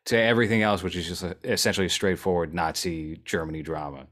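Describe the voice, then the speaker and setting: Low-voiced man hosting a chat. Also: fairly even intonation, quick pace, fairly bright tone. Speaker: host. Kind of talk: casual chat.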